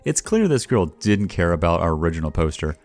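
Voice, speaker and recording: A man reading a first-person story aloud in a wry, expressive way, as the channel's narrator. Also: low voice, fairly quick. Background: faint background music.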